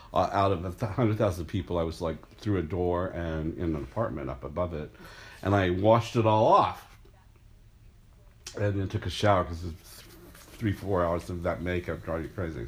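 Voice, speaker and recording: An older man, an artist, telling an animated anecdote and acting out the crowd's voices with gasps. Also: low voice. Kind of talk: storytelling anecdote.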